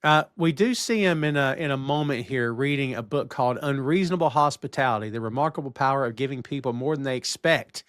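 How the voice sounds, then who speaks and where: A man's voice: medium pitch, quick pace, hardly any pauses, no room sound, clean studio sound. A man hosting a casual review podcast, recapping scenes and acting out the characters' lines as he goes. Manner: animated recapping, acts out quoted lines. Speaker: podcast host.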